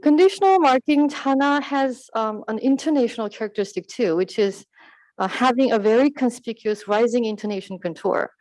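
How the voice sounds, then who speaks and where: A woman's voice: fairly high pitch, a little fast, a little mellow, no echo, poor audio. A woman presenting her research at an academic conference, explaining carefully and correcting herself with fillers and restarts.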